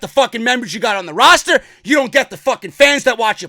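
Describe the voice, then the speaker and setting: A man with a very high, animated voice delivers a profane wrestling rant, often breaking into shouts. His tone is bright and sharp. The sound is dry and close to the mic. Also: fast talker, few pauses, no room sound. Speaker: wrestling commentary host. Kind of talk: ranting commentary.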